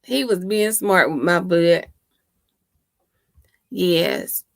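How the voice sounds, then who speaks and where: Woman livestream host, unhurried and gravelly, dry laptop-mic sound, teasing and laughing with viewers. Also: on the low side, expressive, no echo. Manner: laughs often, chatty and teasing. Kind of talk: casual live chat with viewers. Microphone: laptop microphone.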